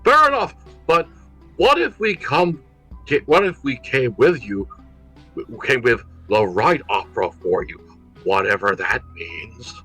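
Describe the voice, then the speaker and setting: A man playing a tabletop game, speaking haltingly with restarts. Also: mid-range voice, big pitch swings, sharp tone, slightly rough, soft background music, poor audio. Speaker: player.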